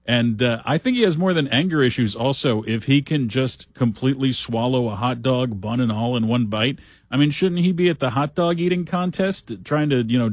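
A man's voice: medium pitch, dry recording, studio quality. A man hosting a talk show, reading news stories aloud with wry, sarcastic asides in a casual commentary style.

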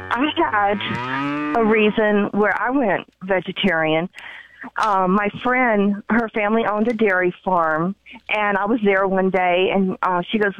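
A woman's voice: medium pitch, dry recording. A woman calling in to tell a story, in a chatty way that repeats herself. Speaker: caller. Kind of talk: casual phone-in storytelling. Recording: dull muffled phone line.

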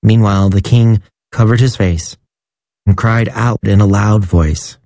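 A man giving a measured, solemn liturgical scripture reading. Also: lowish voice, steady tone, dark tone, no echo. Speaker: scripture reader.

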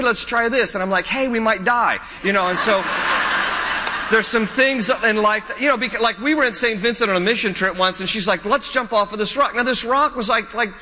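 A man's voice: sits high, animated, brisk, bright, forceful tone, big-room sound, low-quality recording. A man preaching a sermon as pastor, conversational, repeating phrases and asking the congregation questions. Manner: conversational preaching with repetition and asides. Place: church.

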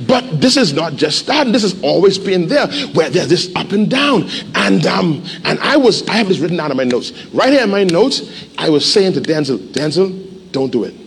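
A man pastor preaching a sermon in a church, animated and urging the congregation to respond. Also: sits high, normal speed, gravelly, big-room sound, a little hiss or hum. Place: church sanctuary.

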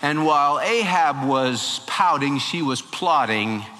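A male preacher telling a Bible story in a folksy, animated sermon style. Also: fairly high pitch, slow, big-room sound.

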